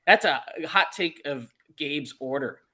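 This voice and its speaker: Jokey guy co-hosting a movie podcast, kinda high voice, laughs a lot. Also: a little slow, sharp tone. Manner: upbeat, jokey, laughs often. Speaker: podcast co-host. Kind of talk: casual chat.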